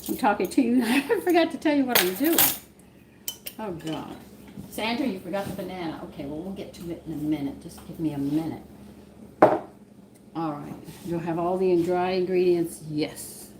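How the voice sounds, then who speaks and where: A woman with a Southern drawl talks her way through a home cooking stream in a fairly low voice, drifting from the recipe into long personal stories. Plates, cutlery and pans clatter clearly in the kitchen around her. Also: normal speed, noisy background. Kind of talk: casual cooking live stream.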